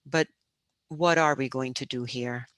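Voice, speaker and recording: A woman's voice: a bass voice, fairly even intonation, unhurried, fairly bright tone, no echo. A woman voicing a worried female teacher in a storybook reading, calling out and fussing anxiously. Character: worried adult woman teacher on a field trip.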